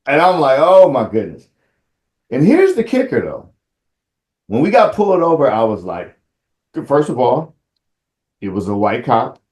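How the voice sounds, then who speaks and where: A man who is a police sergeant and grew up in Compton, talking casually in an interview, relaxed and reflective, getting animated as he tells a story. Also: medium pitch, normal speed, pauses often, echoey room. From Compton, California. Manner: relaxed storyteller, grows animated and laughing when telling the story.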